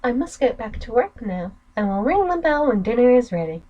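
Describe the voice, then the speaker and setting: A woman's voice: fairly high pitch, very animated, fairly quick, mellow, lo-fi sound. A woman voicing a timid young housemaid who answers nervously and politely. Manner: hesitant, deferential.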